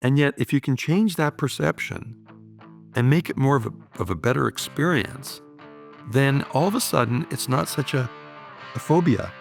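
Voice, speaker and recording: A man in his sixties, a guest telling upbeat stories of his life in a relaxed conversational way, often adding "you know" and "right?". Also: medium pitch, moderate pace, creaky, faint music behind. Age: 60s. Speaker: guest, business owner. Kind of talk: reflective conversational storytelling.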